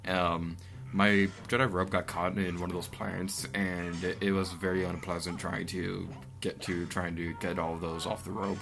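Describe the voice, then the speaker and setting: A man's voice: deep voice, flat delivery, normal speed, creaky, over music. A young man from Florida hosting a let's play, rambling through game commentary and yelping and laughing at the action.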